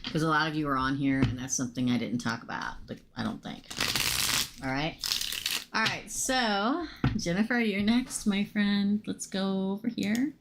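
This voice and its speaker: A woman losing her voice, hosting a casual live tarot reading and chatting excitably with viewers she calls by name. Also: medium pitch, moderate pace, heavy background noise.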